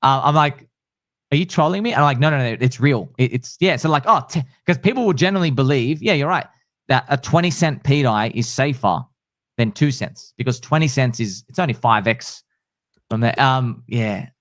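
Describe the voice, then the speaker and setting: A male host chatting casually, excitable and slangy, acting out what others say. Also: mid-range voice, normal speed, no echo, clean studio sound. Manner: excitable, slangy, acts out quotes. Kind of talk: casual chat.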